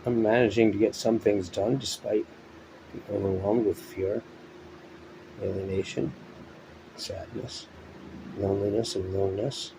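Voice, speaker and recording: A weary man with a lowish voice talks his morning thoughts aloud at home, short of breath and halting between phrases. A fan hums faintly behind him. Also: little pitch movement, gravelly, noisy background. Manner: weary, halting, with many pauses and fillers. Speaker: vlogger. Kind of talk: rambling morning monologue. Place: at home indoors. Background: electric fan running.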